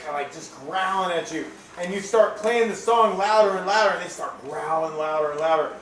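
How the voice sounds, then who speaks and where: A man runs a tabletop game, spinning the scene out loud with endless fillers and sudden shouted bursts. His voice sits a little high for a man. He is picked up from far off in an echoey home room with clear background noise. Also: brisk. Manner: animated storytelling with many fillers, bursts into shouts. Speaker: game master.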